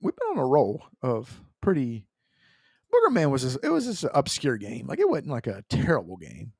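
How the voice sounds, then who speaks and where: Male podcast co-host, husky voice, animated pitch, sarcastic and swears freely. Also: normal speed, no room sound, clean studio sound. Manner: sarcastic and profane. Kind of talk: casual chat.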